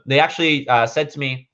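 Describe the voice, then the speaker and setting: A man in a casual vlog, telling a story at a mid pitch with a rambling flow full of "like" and "um". The recording is dull and a little lo-fi, as if taken with a basic camera mic. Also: a bit bright. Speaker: vlogger.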